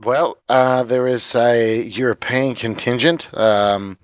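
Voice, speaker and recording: A man's voice: medium pitch, fairly even intonation, takes it slowly, clear, resonant tone, dry recording. A man with an Australian accent, chatting casually on a podcast, a rambling storyteller who laughs often. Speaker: podcast guest, game video maker. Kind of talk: casual chat.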